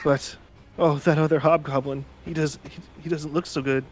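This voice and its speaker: A man's voice: a little high, steady tone, moderate pace, faint music behind, voice pushed up, lightly acted. A man voicing a female adventurer who plays a helpless damsel, sweet and theatrical in tone. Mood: pleading.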